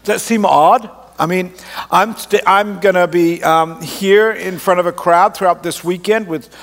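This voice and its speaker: A pastor with a blended Australian and Canadian accent, speaking in a slightly high, mid-range voice. He preaches in an easy, self-mocking, conversational way from the stage into a microphone. His voice rings out with a long reverb across a large church auditorium. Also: unhurried, creaky, a bit bright. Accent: mixed Australian and Canadian. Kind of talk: sermon.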